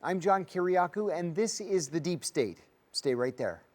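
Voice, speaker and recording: A man hosts a talk show in an earnest, pressing way, voice pitched a bit above most men. He leans into his points and lets his tone rise on them. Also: expressive, measured pace, a little hiss or hum. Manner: earnest, rising emphasis, acts out quoted voices. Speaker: host.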